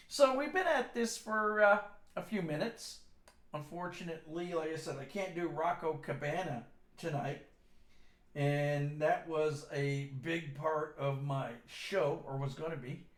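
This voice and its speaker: A middle-aged man hosting his own show, telling rambling, darkly funny stories in a casual, self-deprecating way. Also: on the high side. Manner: dark-humored, self-deprecating, chatty. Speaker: show host. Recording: echoey room.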